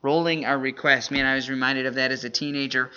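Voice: mid-range voice, fairly even intonation, fast talker, pushed and bright, highs cut off. A Bible class leader running a group memory drill, talking energetically and often saying "man".

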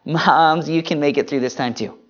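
A preacher giving an earnest Mother's Day sermon and prayer, quoting scripture slowly and stressing single words. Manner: earnest, swings between emphatic rises and soft low drops. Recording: dull lo-fi recording.

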